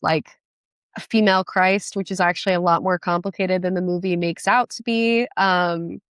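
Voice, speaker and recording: A woman chatting as a podcast guest, enthusiastic and quick, with many restarts. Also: lowish voice, steady tone, fairly bright tone, clean tone, dry recording. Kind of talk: casual podcast chat.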